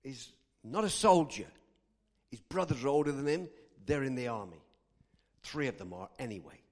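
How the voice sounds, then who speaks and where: A man's voice: mid-range voice, normal speed. A man preaching a sermon, telling a story and acting out the characters' lines. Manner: animated, acts out characters' lines. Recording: long hall reverb.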